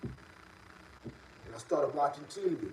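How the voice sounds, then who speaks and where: A middle-aged man from the Bronx with a New York City accent, telling a story in a casual, streetwise way and rising loud and high when worked up. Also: slow, recorded from a distance, a little hiss or hum, rough recording.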